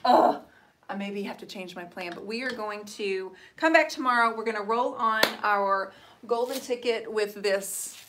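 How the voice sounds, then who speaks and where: A woman's voice: medium pitch, noisy background. A middle-aged woman hosting a live painting stream, chatting casually and answering viewers. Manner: chatty, rambling, reads out viewer comments. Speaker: host of a live painting show.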